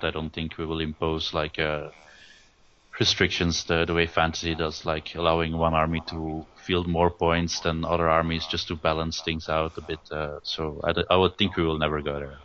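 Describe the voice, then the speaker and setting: Man, very low voice, monotone, hesitant with fillers, dull lo-fi recording. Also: normal speed. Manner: hesitant, many restarts and fillers. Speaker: guest, tournament rules writer. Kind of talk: casual interview over a call. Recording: dull lo-fi audio.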